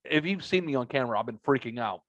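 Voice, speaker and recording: A middle-aged man hosting a casual podcast, telling rambling stories with lots of swearing and animated quoted voices, on a headset mic. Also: fast, dry recording, muffled recording. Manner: rambling storyteller, swears a lot, bursts into high excited quotes. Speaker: podcast host.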